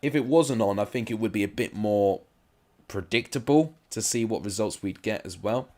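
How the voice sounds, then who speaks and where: A man's voice: fairly low pitch, moderate pace, a little mellow. A man giving casual live-stream commentary on simulated football matches, chatty and rambling, with asides to his viewers.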